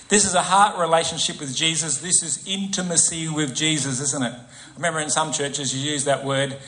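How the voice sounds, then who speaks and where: A man's voice: fairly high pitch, fairly even intonation, moderate pace, slight background noise. A man preaching a conversational sermon in a church, often asking the congregation tag questions and acting out quoted voices. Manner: acts out quoted voices with soft asides.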